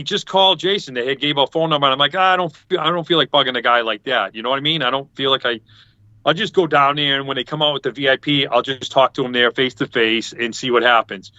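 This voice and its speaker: Here a podcast panelist with a mid-range, steady yet sharp voice speaks fast with no room sound, though the video call audio is dull and lo-fi. His story rambles along in casual conversation as he acts out what others said.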